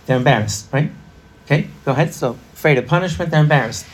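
A man's voice: fairly high pitch, fast talker, slight background noise. A middle-aged man leading an interactive parenting workshop, chatty and laughing, quizzing a live audience.

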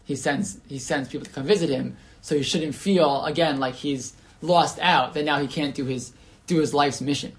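A man's voice: a little high, normal speed. Male teacher, casual group Torah class, conversational, asks questions, restarts often. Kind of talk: informal Torah class discussion.

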